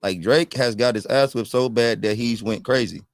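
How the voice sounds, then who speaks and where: A man's voice: mid-range voice, normal speed, dry recording. A man co-hosting a livestream podcast in casual chat. He talks bluntly and emphatically, often repeating himself. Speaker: podcast co-host.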